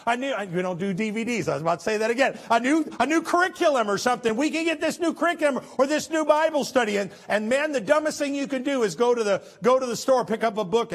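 A male pastor preaching a sermon in a folksy, conversational way, his voice sitting a little higher than most men's. He swings from emphatic, driving lines down to soft, hushed asides, with restarts along the way.

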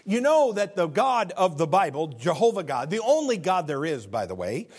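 A man preaching a sermon as pastor, telling stories with an animated delivery, often restarting his sentences. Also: high voice, moderate pace, breathy edge. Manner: animated storytelling with stammered restarts.

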